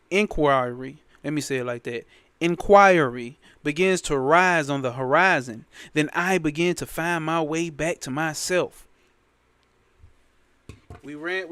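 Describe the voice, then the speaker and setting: A man's voice: a little high, a bit bright, clear, resonant tone, dry recording. A man teaching a spiritual text in a casual, emphatic way, repeating lines and cursing freely. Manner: emphatic, repetitive, sprinkled with profanity. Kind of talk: casual spoken commentary on a scripture.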